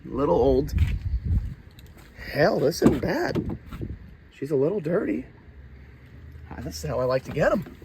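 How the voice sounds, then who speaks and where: Blunt, swearing young car dealer. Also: male voice, on the high side, sing-song, measured pace, gravelly, long pauses, background noise. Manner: blunt, swearing, salesman banter. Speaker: used car dealer and YouTuber. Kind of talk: casual vlog walkaround. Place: outdoors at a car auction lot.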